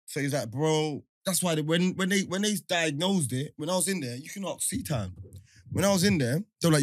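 A young man, telling a story in casual chat, animated and laughing often. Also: a little high, fairly quick, dry recording.

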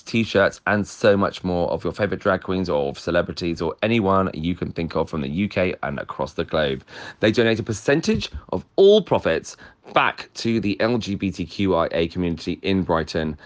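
A man with a very low voice reads a sponsor message from a script. He keeps it upbeat and friendly. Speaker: podcast host reading an ad. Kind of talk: scripted ad read.

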